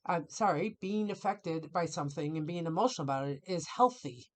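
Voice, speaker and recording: A middle-aged woman therapist talks through a podcast episode in a casual, conversational way. Her voice sits a little low, and she animates her points by slipping into other people's voices. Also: brisk. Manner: animated, acts out clients' voices in quotes.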